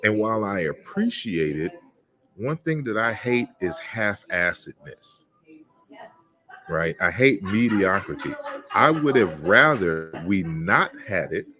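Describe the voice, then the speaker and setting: A man with a very low voice hosts an open discussion. He speaks bluntly and with emphasis, often doubling up words as he starts a thought. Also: sharp tone. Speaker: host.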